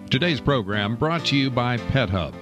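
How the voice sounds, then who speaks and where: A man reading scripted sponsor messages in a smooth, even announcer delivery. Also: medium pitch, moderate pace. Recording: voice over loud music bed.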